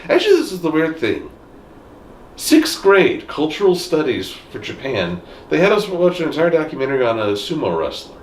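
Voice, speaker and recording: Jokey guy co-hosting a chat, pitch all over the place, echoey room w faint hiss. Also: normal speed. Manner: animated, jokey, swings pitch widely. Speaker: podcast co-host. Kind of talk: casual chat.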